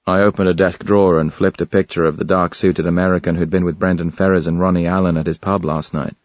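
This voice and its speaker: A man narrating a thriller audiobook in the first person, with a measured, even delivery. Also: low voice, no room sound, highs cut off.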